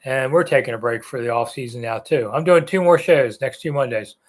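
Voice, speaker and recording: This sixty-something sports talk host answers viewers' comments on a live chat, his delivery loose and meandering, full of ums and uhs. He has a mid-range voice and talks fairly quickly.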